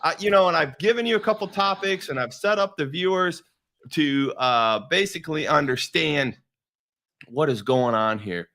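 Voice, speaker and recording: Upbeat man, high bright voice, storytelling host type. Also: moderate pace. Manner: animated storyteller, acts out quoted dialogue. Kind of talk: energetic show introduction.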